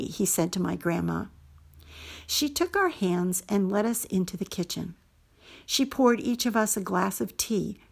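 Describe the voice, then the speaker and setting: A woman hosting a show, reading a first-person story aloud in a measured, scripted way. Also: medium pitch, vocal fry, husky. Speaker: host and story reader.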